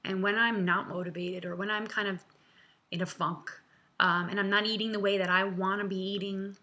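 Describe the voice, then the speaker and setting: A woman's voice: medium pitch, flat delivery, moderate pace, sharp tone. A woman in her thirties talking from home in a vlog, answering viewers in a chatty, earnest way with many fillers and laughs, close to tears. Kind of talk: casual, heartfelt direct-to-camera talk.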